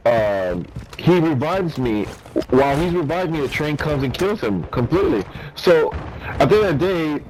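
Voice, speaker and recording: A man's voice: mid-range voice, background noise. A man in casual gaming chat who rambles and repeats himself while explaining. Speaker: gamer streaming with a friend.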